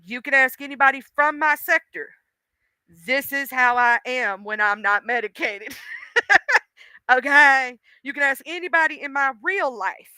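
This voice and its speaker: A woman chatting casually on a livestream, animated and outspoken, rambling from thought to thought. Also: sits high, normal speed, clean tone, no echo.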